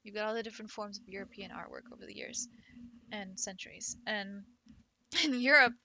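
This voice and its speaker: A woman's voice: mid-range voice, brisk, bright, forceful tone, slight background noise. A woman who teaches French, chatting casually on a livestream, giggling often and swearing offhandedly. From United States.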